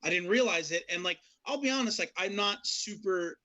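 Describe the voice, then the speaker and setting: A man co-hosting a hockey podcast, energetic and rambling, swearing casually. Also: high voice, fairly quick, muffled recording. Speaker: podcast co-host.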